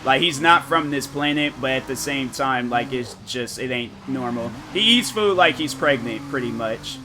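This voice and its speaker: A young man streaming games, chatting casually with his viewers and telling animated, slang-filled stories. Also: mid-range voice, moderate pace, noisy background. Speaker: gaming streamer.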